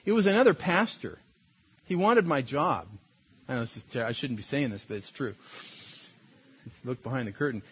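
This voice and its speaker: A male pastor preaching in a relaxed, talky sermon style, with a slightly husky voice that swings widely in pitch. He tells stories and chuckles at his own points. The recording is dull and lo-fi. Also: moderate pace, long pauses. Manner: conversational, storytelling, laughs at own points.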